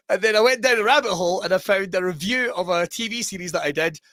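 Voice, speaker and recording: Bright, high-pitched podcast host. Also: male voice, moderate pace, no room sound, clean studio sound. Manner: laughing, swearing, animated storyteller. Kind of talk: casual chat.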